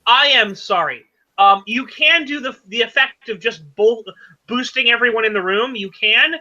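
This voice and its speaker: A man running a tabletop game as game master, explaining rules haltingly with many fillers. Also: extremely high pitch, sharp tone, highs cut off.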